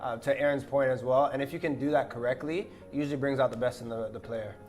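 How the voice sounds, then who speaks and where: A man, a former soccer player, talking in a relaxed, playful way as a studio analyst. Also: medium pitch, fast talker, faint music behind. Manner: easygoing, playful, laughs often. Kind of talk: casual studio panel talk.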